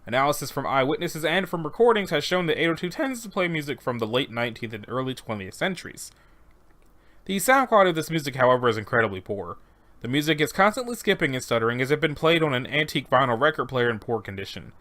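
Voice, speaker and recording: A man reading horror fiction aloud, deadpan, with sarcastic asides and quick self-corrections. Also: mid-range voice.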